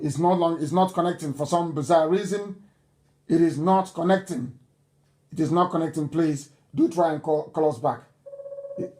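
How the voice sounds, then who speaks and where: Insistent high-voiced Nigerian man broadcasting. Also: warm tone. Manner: emphatic, repeats phrases insistently. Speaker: broadcast host. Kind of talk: live radio broadcast address.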